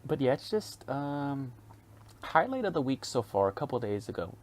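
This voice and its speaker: A man's voice: medium pitch, big pitch swings, normal speed, darkish tone. A young man hosting a casual solo podcast, rambling and swearing freely with frequent chuckles. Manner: profane, rambling, chuckles often. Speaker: podcast host.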